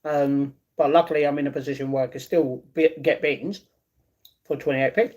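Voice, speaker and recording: Young male streamer, casual and chatty, reads chat aloud, a touch higher than most men. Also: fairly even intonation, normal speed, a little mellow, lo-fi sound. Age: 20s. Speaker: livestreaming vlogger. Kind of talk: casual live-stream chat, reading comments.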